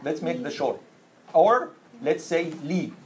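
A woman's voice: deep voice, animated, measured pace, a little hiss or hum. A woman teaching a classroom lesson, patiently repeating phrases and drilling her students. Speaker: Arabic teacher.

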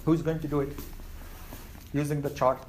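A man teaching an Arabic class, repeating words slowly for his students. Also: on the high side, flat delivery, a little hiss or hum. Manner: slow, repeats words for learners.

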